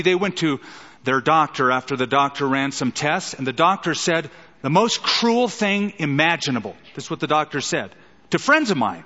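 A man's voice: on the high side, sharp tone, in a large hall, lo-fi sound. A middle-aged man preaching a sermon as a pastor, emphatic, with rhetorical questions and dramatic quoted lines.

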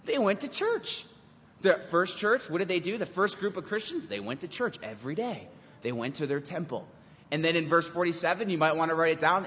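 A young man, a youth pastor, giving an animated sermon and acting out quotes from teens and God. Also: on the high side, a little hiss or hum. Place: church hall. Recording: dull lo-fi recording with hall reverb.

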